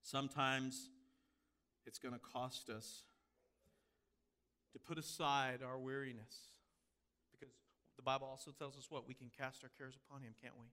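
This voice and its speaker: A man's voice: mid-range voice, flat delivery, measured pace, long pauses, pushed and bright. A man preaching a sermon in a conversational way, asking the congregation questions. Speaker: pastor.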